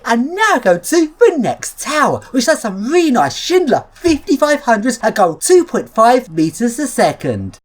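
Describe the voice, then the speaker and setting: A woman giving excitable, detailed commentary while exploring buildings and lift shafts for her vlog. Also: a little high, normal speed, few pauses, a little hiss or hum. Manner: excitable, lively, gets carried away with lift details. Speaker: vlogger exploring lifts. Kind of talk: enthusiastic technical commentary.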